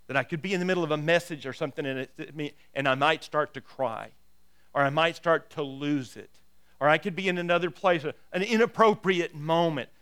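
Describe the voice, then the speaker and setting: Emphatic pastor with a smooth voice. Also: male voice, fairly high pitch, a little fast. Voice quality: repeats words when starting phrases. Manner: builds to loud emphatic exhortation, then quiet prayer. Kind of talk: sermon.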